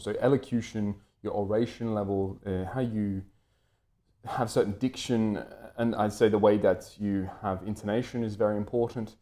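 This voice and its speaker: Low, mellow male voice, British-raised, rambling lecture delivery with ums and restarts. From Britain. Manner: wordy, lots of fillers and restarts. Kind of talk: unscripted lecture-style commentary.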